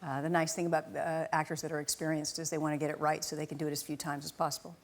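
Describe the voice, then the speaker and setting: A woman who directs films, talking in a thoughtful, measured way as a chat show guest. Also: low-pitched, level tone. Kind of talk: casual chat show interview. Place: TV studio with a live audience.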